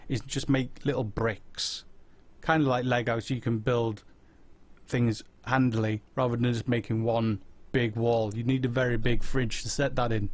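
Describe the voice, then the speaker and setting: A man hosting a casual live-stream chat, rambling through viewers' comments with deadpan silly humor. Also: medium pitch. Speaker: host.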